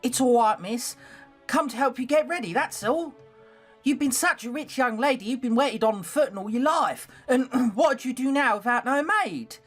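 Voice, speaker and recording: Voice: sits high, animated, moderate pace, fairly bright tone, soft background music, pitched above the performer's own voice. A streamer voicing an eager, loyal young female scullery maid with a London working-class accent, reading a visual novel aloud. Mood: reassuring. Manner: doting, reassuring.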